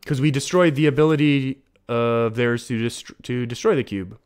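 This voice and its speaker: A man's voice: mid-range voice, moderate pace, darkish tone, smooth, soft background music. A man live-streaming a card game, talking through his plays in a chatty way and often laughing.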